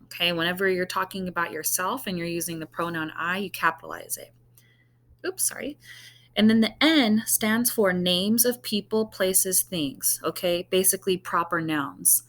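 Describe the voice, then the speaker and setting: A woman's voice: on the low side, animated, moderate pace, a bit bright. A woman teacher walks her class through a recorded online lesson. She is patient and goes step by step, checking in with "okay?" again and again.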